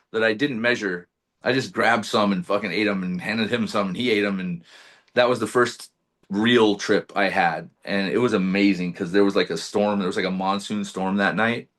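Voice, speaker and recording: A man, a podcast guest, telling a personal story in casual chat. He is animated, swears freely and acts out his own past lines. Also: on the low side.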